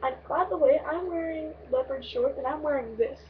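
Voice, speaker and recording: A young woman vlogger telling a long road-trip story in a rambling, excitable way, swearing freely. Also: high voice, normal speed, distant mic, narrow, tinny audio, a little hiss or hum. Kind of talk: casual storytelling vlog.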